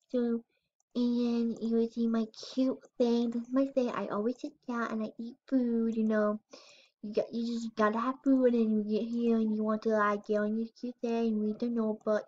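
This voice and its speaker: A gamer touring her in-game house talks in a level, fairly high voice with a darkish tone and normal speed. The recording is muffled, and her rambling commentary is hesitant, punctuated by squeals at cute things.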